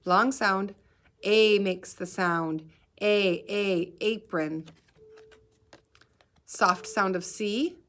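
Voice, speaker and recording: A woman teaching a phonics lesson to young children, sounding out each letter slowly and clearly and encouraging them to join in. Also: medium pitch, a bit bright. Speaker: kindergarten teacher.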